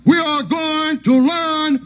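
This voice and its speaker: A comedian playing a cold, menacing army drill sergeant who speaks slowly and formally. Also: male voice, very high-pitched, fairly even intonation, highs cut off, voice pushed up. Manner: slow, measured, coldly formal. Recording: noisy old TV broadcast.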